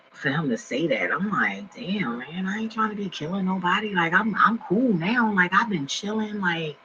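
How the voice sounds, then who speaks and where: A man's voice: on the high side, pushed and bright, slight background noise. A man in his forties talking to his viewers in a slangy, rambling vlog style, often getting sidetracked at home. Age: 40s. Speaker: vlogger. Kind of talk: casual vlog talk. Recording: dull lo-fi recording.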